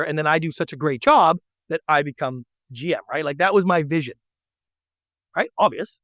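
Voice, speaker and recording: A middle-aged man telling a story as an interview guest, animated and acting out the dialogue. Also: fairly high pitch, a little fast, no echo, studio quality. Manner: animated, acts out quoted dialogue. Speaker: podcast guest.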